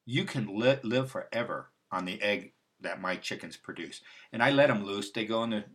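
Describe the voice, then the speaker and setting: A man's voice: lowish voice, moderate pace, a bit bright. A man hosting a casual livestream, talking in a loose, rambling way with restarts and asides. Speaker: host. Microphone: livestream mic.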